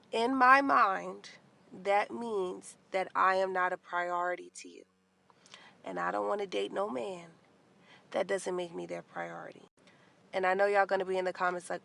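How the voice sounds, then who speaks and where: A woman's voice: medium pitch, creaky, sharp tone. A woman ranting emphatically about dating, asking rhetorical questions. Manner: emphatic, rhetorical, laughing asides. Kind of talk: casual rant.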